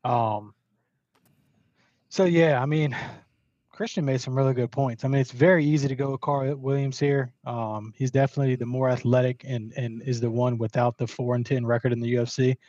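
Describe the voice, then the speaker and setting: A man's voice: medium pitch, steady tone, fairly quick, darkish tone, dry recording, dull audio. A man co-hosting a podcast who swears freely and keeps second-guessing his own picks. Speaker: podcast co-host. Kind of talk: casual podcast chat about fight picks.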